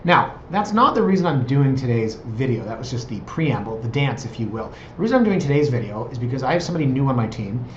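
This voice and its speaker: A man's voice: mid-range voice, big pitch swings, fast, hardly any pauses, dull audio, slight background noise. Chatty man in an echoey office. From Canada. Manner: chatty, digressive, self-deprecating. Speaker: real estate agent. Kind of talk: casual vlog monologue.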